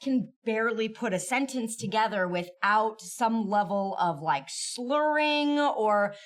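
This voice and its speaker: A woman co-hosting a political commentary show, speaking in a measured, reflective way with some hesitations. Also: fairly high pitch, animated. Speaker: co-host.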